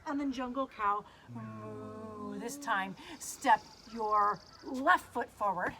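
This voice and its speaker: A woman's voice: on the high side, slow pace, sharp tone, slight background noise. A woman leading a guided kids yoga class, cueing poses in an upbeat, playful way and making animal sounds.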